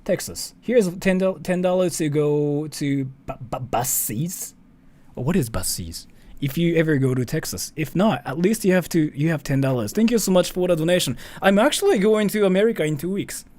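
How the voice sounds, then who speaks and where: A man from Japan hosting a live stream, chatting casually and reading donations in a rambling, excitable way with frequent mild swearing. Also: fairly high pitch, normal speed. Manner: animated, rambling, swears mildly and often.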